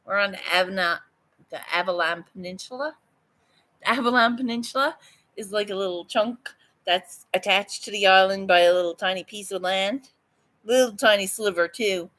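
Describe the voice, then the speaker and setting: A bright, forceful, medium-pitched voice belongs to an artist vlogger from Newfoundland, Canada. Speaking with a Newfoundland English accent, she chats live with viewers in a casual, blunt manner, with plenty of swearing and frequent laughs.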